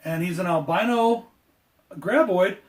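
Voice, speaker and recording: A man's voice: high voice, unhurried. A man hosting a casual movie review podcast, talking in an upbeat, rambling way. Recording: roomy, distant mic.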